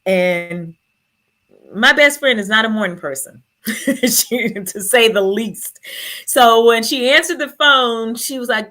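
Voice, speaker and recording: A woman's voice: fairly high pitch, slow, bright, forceful tone. A woman telling her own story to an audience, earnest and emotional, holding back tears. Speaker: speaker sharing her story.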